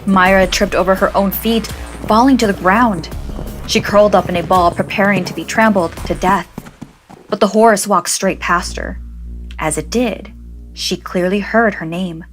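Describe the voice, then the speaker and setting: A woman narrating a scripted horror story in a measured, dramatic way, slowing down for suspense. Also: medium pitch, faint music behind.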